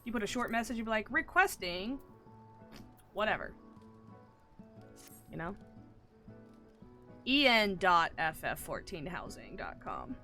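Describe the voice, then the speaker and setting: A woman streaming a game live, chatting casually and excitably, muttering to herself and then bursting out loudly, swearing freely. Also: medium pitch, measured pace, pauses often, faint music behind.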